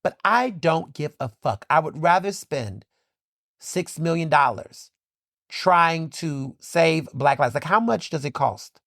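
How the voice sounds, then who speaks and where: Speaking slowly in a gravelly, slightly high and fairly bright voice, this podcast host from Philadelphia gets expressive and impassioned. He repeats points for emphasis, swears, and leans on "like" a lot. The studio-quality recording has no echo.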